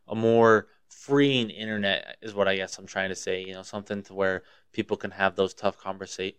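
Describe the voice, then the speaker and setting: A young man from Montana riffs on his solo podcast, swearing freely and rambling from one gripe to the next with real heat. His voice sits low and comes through smooth and clear. The sound is dry and close, with no room around it. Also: fairly bright tone, dry recording. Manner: profane, rambling, fired up. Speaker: podcast host. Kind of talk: casual solo podcast rant.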